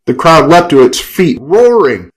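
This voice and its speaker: A man's voice: a little high, sing-song, unhurried, slight background noise, low-quality recording. A man narrating a gritty first-person story in a wry, profane, hard-boiled tone.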